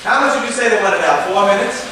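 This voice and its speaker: A young actor playing an imperious, acerbic celebrity critic on a live stage, snapping orders sardonically, recorded in an echoey theater. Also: male voice, high voice, fast talker, noisy background, natural voice. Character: imperious acerbic male celebrity critic, wheelchair-bound host. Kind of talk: live amateur stage play. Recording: roomy hall recorded from far off.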